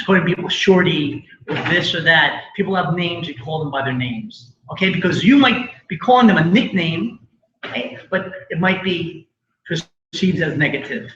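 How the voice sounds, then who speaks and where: A man's voice: on the high side, a bit bright. A man giving a conversational inspirational talk at a live community event, who keeps checking in with "right?" and "correct?". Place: event hall. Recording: roomy, dull live hall recording.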